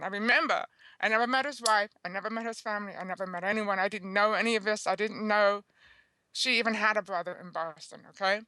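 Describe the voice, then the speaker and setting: A woman with a bright, clear voice tells a personal story as a guest in an interview. She talks in an earnest, chatty way, keeps checking in with her listener, and the sound is close and dry. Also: mid-range voice, brisk, no room sound. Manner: chatty, earnest, checks in with "okay?" and "you know". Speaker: guest author.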